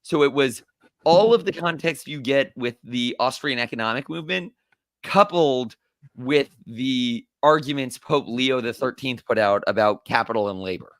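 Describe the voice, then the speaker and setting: A man who is a podcast guest, talking casually and thoughtfully, pausing to correct himself. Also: medium pitch, fairly bright tone, no echo, studio quality.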